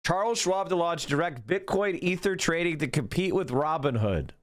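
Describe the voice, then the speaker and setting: A man's voice: on the high side, animated, normal speed. A man streaming live, reading out news and reacting with sarcastic commentary, swearing freely. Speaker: political streamer.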